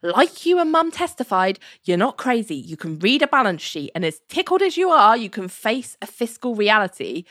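A woman's voice: mid-range voice, sing-song, moderate pace, hardly any pauses, a bit bright, no echo, studio quality. Woman quoting an exasperated grown son. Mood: pleading. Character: exasperated grown son pleading with his father.

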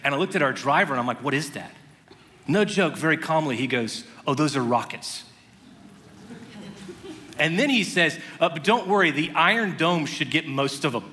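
Male pastor, bright forceful delivery, slightly high voice, chatty sermon with jokes, long church-hall reverb. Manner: conversational storytelling with humorous asides. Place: church sanctuary.

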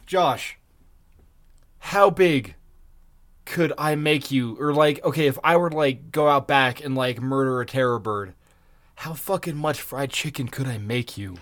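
A man's voice: medium pitch, unhurried, fairly bright tone. A man co-hosting a podcast in casual chat, joking and swearing freely. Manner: joking, swears a lot, playful. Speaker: podcast co-host.

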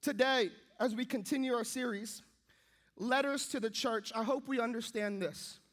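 A young man preaching a sermon, telling a funny personal story and acting out his own thoughts in a lively way. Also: very high voice, moderate pace. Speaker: pastor.

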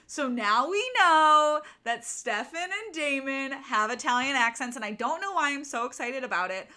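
A woman's voice: high voice, expressive, unhurried, hardly any pauses, bright, forceful tone. A young woman co-hosting a casual book podcast, chatty and sarcastic, full of "like" and "um". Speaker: podcast co-host. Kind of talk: casual book-club chat.

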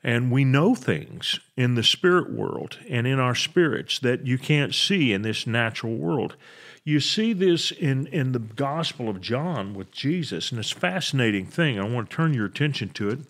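Male pastor, mid-pitched voice, conversational sermon delivery, stops and restarts often. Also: animated, normal speed, fairly bright tone. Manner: conversational preaching with frequent fillers and restarts. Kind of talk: sermon on a podcast.

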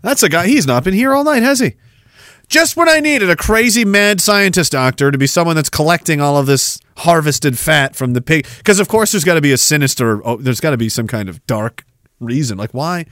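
Man, podcast host, mocking rant, slightly high, very lively pitch, dry close sound. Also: a little fast, dry recording. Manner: mocking, sarcastic, laughs at own riffs, drops to mutters. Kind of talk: livestream rant reading chat comments.

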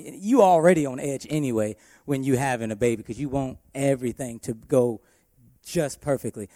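Young worship pastor, sermon storyteller, medium pitch, dry close recording. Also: male voice, moderate pace, mellow, no echo. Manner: storytelling, addresses congregation as y'all.

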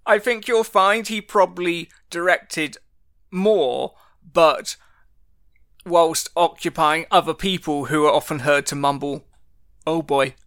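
A man's voice: fairly high pitch, unhurried, fairly bright tone, smooth, no echo, studio quality. A man co-hosting a casual podcast, playful and jokey, with a sore throat. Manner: jokey, playful, does mock voices. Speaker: podcast co-host.

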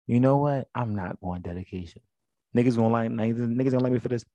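A man's voice: mid-range voice, fast talker, mellow, no echo, highs cut off. A young man in casual chat, talking in a laid-back, slangy way that often drops to a mumble.

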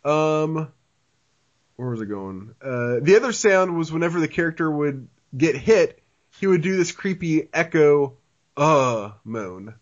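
A man's voice: fairly high pitch, expressive, a little slow. A man hosting a casual podcast, reading listener mail and chatting, laughing often and restarting his sentences. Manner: laughs often, repeats words when restarting. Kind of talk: casual chat. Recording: dull lo-fi sound.

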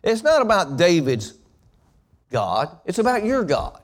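A male pastor in full sermon, his voice sitting a little high for a man. He talks to the congregation directly and has them repeat his words back to him. He climbs into loud, emphatic preaching. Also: wildly swooping pitch, measured pace.

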